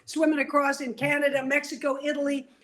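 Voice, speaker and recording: An older woman from New York, telling her story as an interview guest in a lively, vivid way. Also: high voice, fairly quick.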